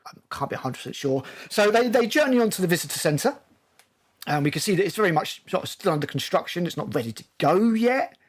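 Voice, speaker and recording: A man's voice: high voice, big pitch swings, fast talker, husky. A man with a British accent hosting a casual film discussion, recapping scenes at length with many ums and restarts. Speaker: film review host.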